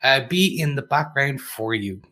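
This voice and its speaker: A man co-hosting a podcast in casual chat, playful and quick to laugh, often restarting his sentences. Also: medium pitch, expressive, bright, forceful tone. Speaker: podcast co-host.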